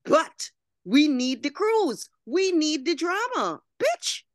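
Nachdrückliche Frau mit hoher Stimme. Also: female voice, sits high, sing-song, slow, no room sound. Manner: emphatic, profane, quotes herself pleading. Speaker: podcast guest. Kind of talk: casual gossip chat over video call.

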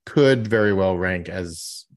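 Low-voiced man riffing on the news. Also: takes it slowly. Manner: jokey, reads out news items and riffs on them. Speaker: podcast co-host. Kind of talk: casual chat.

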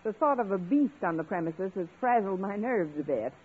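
A woman's voice: mid-range voice, animated, breathy edge. An actress playing a sarcastic, flustered female English teacher in a 1950s radio sitcom. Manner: quick, sarcastic, flustered bluffing. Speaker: schoolteacher. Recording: tinny old radio broadcast, audience laughter.

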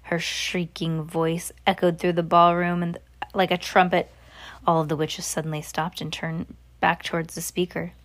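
A woman's voice: fairly low pitch, little pitch movement, moderate pace. A woman reading a children's book aloud in a casual way, with small slips and giggles along the way.

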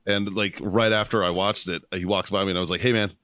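A man hosting a podcast, throwing in quick crude jokes and laughing in casual banter. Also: low voice, steady tone, bright, forceful tone, no echo. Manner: quick joking interjections and laughs.

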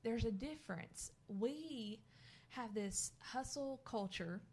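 A woman talks about faith and purpose, addressing listeners directly. Her tone is earnest and encouraging, in a relaxed conversational style. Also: a little high, takes it slowly, slight background noise. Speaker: podcast co-host. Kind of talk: casual faith talk.

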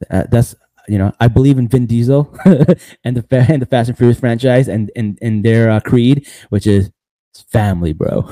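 Mellow-voiced man rambling casually. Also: mid-range voice, moderate pace, dry recording. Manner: loose and rambling, says "bro" and "man" a lot; laughs often between lines. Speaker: podcast host. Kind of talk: casual recap chat.

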